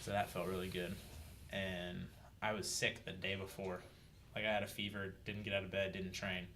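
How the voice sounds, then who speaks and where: A man on a podcast, casually telling animated stories about his jiu-jitsu matches. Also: low-pitched, moderate pace, a little hiss or hum. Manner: animated storyteller, shouts out quoted coaches. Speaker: podcast guest, jiu-jitsu brown belt.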